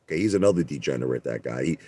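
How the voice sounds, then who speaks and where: A man's voice: extremely low pitch, animated, rapid-fire, mellow, slightly rough, no echo. A man hosting a livestream, talking in a defensive, repetitive, emphatic rant. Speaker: livestream host. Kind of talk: ranting livestream monologue.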